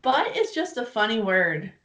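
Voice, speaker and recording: A woman co-hosting a podcast, playful and quick to laugh in casual banter. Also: a little high, very animated, sharp tone. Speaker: podcast co-host.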